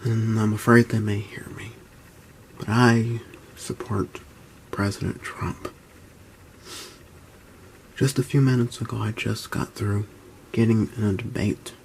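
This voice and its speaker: A man in his early twenties, talking low and often whispering in a halting vlog at home, with many restarts. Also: fairly even intonation, slight background noise. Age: 20s. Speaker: YouTuber. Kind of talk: hushed vlog talk. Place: at home, indoors.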